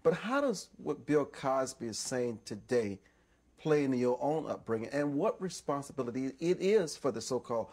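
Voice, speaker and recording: A man's voice: mid-range voice, big pitch swings, moderate pace, darkish tone. A man hosting a TV interview, asking earnest, probing questions. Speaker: TV interview host. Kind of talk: broadcast interview.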